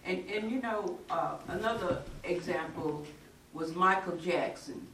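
A woman's voice: lowish voice, a little slow, a bit bright. Earnest woman in echoey far-off room. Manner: earnest, emphatic, folksy. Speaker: church discussion participant. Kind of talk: casual faith discussion. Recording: echoey room, mic far off, faint noise.

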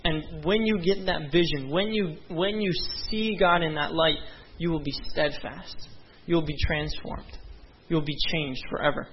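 A man's voice: fairly high pitch, steady tone, moderate pace, hardly any pauses, husky. A young man preaching a sermon as a pastor, earnest and conversational, with frequent asides to the congregation. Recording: dull lo-fi sound.

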